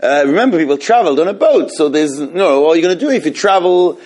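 Man teaching a law class, halting and questioning. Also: fairly high pitch, animated, darkish tone. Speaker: Torah teacher. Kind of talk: live class on Jewish law.

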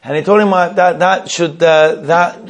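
A man's voice: fairly high pitch, steady tone, normal speed. A man telling a Hasidic tale, often repeating and restarting himself and using Yiddish terms. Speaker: storyteller.

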